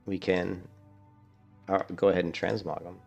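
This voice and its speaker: A man's voice: deep voice, level tone, normal speed, gravelly, a little mellow, faint music behind. A man chatting casually and rambling as he streams a game. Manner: rambling, chatty, restarts a lot. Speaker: gaming streamer. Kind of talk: casual gameplay commentary.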